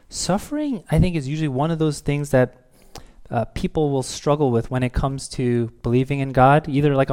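This is a man preaching in an easygoing, conversational way. His voice sits at an ordinary middle pitch, and he is open and personal. He leaves in his fillers and rephrases as he goes. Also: a little mellow. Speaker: pastor. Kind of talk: conversational sermon.

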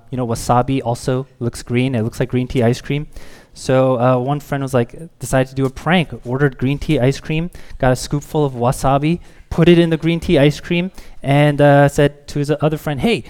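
Male pastor in his thirties, conversational sermon, animated storyteller who mimics children's pleading voices. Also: mid-range voice, smooth.

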